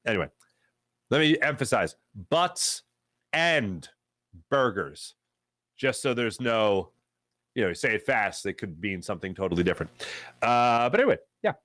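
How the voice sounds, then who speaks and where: A man hosting a live sports talk show, reading viewer chat in a jokey, animated way and greeting chatters with loud excitement. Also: fairly low pitch, brisk, no room sound, studio quality.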